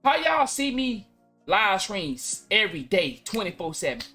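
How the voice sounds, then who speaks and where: A man hosting a podcast live stream, telling stories in loose, animated casual talk full of slang and repeats. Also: sits high, measured pace, faint music behind.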